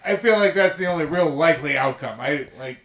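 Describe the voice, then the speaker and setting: A man's voice: on the high side, lively intonation, brisk, creaky, fairly bright tone. A young man co-hosting a casual podcast, rambling and ranting, laughing often. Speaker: podcast co-host. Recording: roomy echo.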